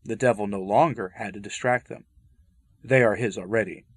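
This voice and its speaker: Low-voiced man reading a saint's story. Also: breathy edge, no echo, clean studio sound. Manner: measured reading, loose asides with restarts. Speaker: religious commentator.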